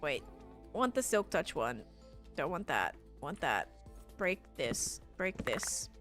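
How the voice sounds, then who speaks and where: A woman's voice: sits low, big pitch swings, slow, over music. Chatty woman with an Australian American accent. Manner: chatty, answers chat while narrating her building. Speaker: live streamer. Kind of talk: casual gaming stream chat. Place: home room with her PC.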